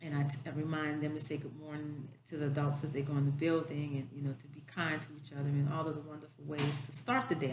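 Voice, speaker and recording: A woman school educator giving a casual spoken message, telling stories in a relaxed conversational way full of fillers. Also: low-pitched, roomy sound, a little hiss or hum. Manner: conversational storytelling with many fillers.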